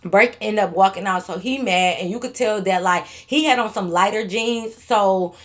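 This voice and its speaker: A young woman tells a storytime tale in a blunt, animated vlog style, swearing freely. Her voice sits in a middle range. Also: medium pitch, normal speed. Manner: blunt, profane, animated retelling. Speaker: vlogger.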